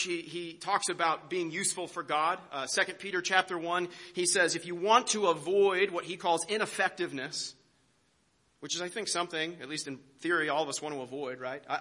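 A man's voice: high-pitched, bright, forceful tone. A man preaching a sermon, emphatic, asking rhetorical questions and often repeating words as he builds a point. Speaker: pastor.

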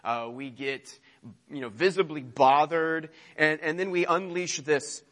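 Bright-voiced conversational male preacher. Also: on the high side, fairly even intonation, unhurried. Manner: conversational preaching with mocking put-on complaint voices; frequent fillers and restarts. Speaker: pastor. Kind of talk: sermon.

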